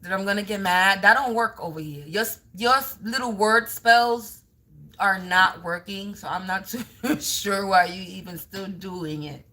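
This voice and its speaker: A woman's voice: mid-range voice, a little slow, pushed and bright. A woman doing a live tarot card reading as a spiritual reader, taunting and scolding a commenter and repeating her phrases.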